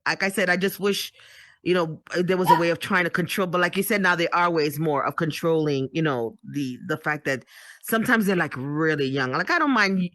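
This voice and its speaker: A woman's voice: on the low side, a little fast, fairly bright tone. A middle-aged woman chatting casually as a guest, full of "you know" fillers. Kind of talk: casual chat.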